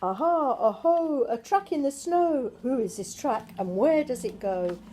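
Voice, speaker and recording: A grandmother voicing a bold little gruffalo child. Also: sits high, big pitch swings, measured pace, dark tone, a little hiss or hum, voice pushed up. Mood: eager. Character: young gruffalo child, eager and brave.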